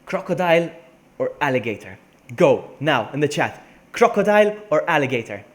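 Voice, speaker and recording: A man's voice: on the high side, moderate pace. A man from Malta, chatting casually and rambling on a live game stream from a room at home, laughing often. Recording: steady background noise.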